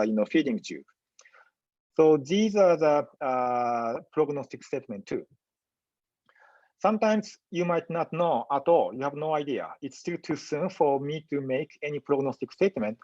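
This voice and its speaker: A man giving a medical lecture in a webinar, speaking in a halting, measured way with frequent pauses and fillers. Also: medium pitch, lively intonation, darkish tone, no echo, lo-fi sound. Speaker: physician lecturer.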